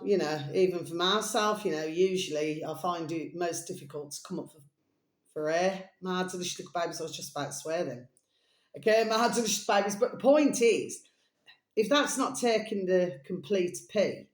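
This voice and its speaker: A woman's voice: lowish voice, roomy sound. A woman chatting in a rambling, casual monologue, calling her listeners her little babies. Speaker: vlogger.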